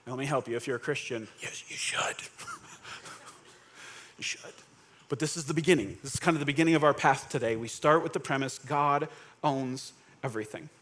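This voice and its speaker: A male pastor preaching a conversational sermon, joking and checking in with the crowd, jumping between animated bursts and quiet, low emphasis. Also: quick pace. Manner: casual, joking, keeps checking in with "right?".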